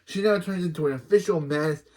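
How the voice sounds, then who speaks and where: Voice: mid-range voice, fast, a little mellow. Rambling reaction host recapping an episode. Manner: rambling, with many restarts.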